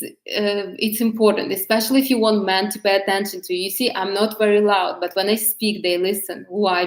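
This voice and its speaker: A woman's voice: medium pitch, echoey room, rough recording. A woman coaching viewers on femininity in a casual talk to camera, hesitant, with many fillers and restarts.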